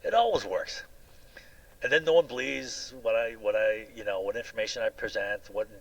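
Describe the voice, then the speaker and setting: A video blogger with a lowish voice speaks at normal speed on a low-quality recording. He rambles through a personal monologue in an aggrieved tone, repeating himself, restarting often, and tacking "right?" onto many sentences.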